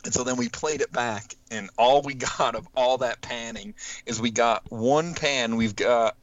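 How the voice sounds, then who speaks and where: A man's voice: mid-range voice, measured pace, dull audio. A man casually telling a hunting story, acting out quotes and laughing as he goes. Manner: animated, acts out quotes with laughs.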